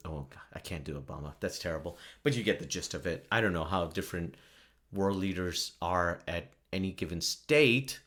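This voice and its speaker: A man's voice: sits low, expressive, brisk, fairly bright tone. A man hosting a solo podcast, rambling and joking, laughing often at his own remarks. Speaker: podcast host.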